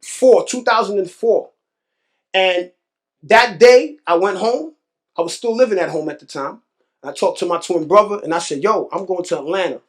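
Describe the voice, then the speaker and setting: High-voiced man from New York telling stories. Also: normal speed. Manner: animated, repeats phrases, acts out quoted voices. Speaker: real estate investor guest. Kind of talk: casual interview storytelling.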